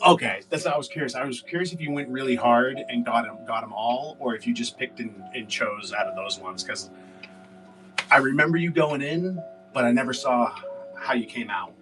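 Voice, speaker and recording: A man's voice: mid-range voice, moderate pace, recorded from a distance, over music, poor audio. A man hosting a casual livestream, rambling and cursing with lots of fillers. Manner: rambling, profane, filler-heavy. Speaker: livestream seller host.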